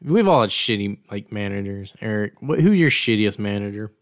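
Animated male podcast host. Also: lowish voice, normal speed, no room sound, studio quality. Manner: animated, laughing, swearing. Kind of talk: casual chat.

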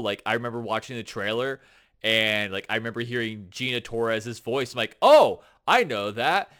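A man co-hosting a casual podcast, talking in an excitable, animated, teasing way. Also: medium pitch. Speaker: podcast co-host. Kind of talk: casual chat.

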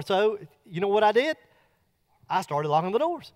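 A middle-aged man preaching a sermon, telling a folksy personal story that builds to loud bursts. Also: sits high, animated, moderate pace.

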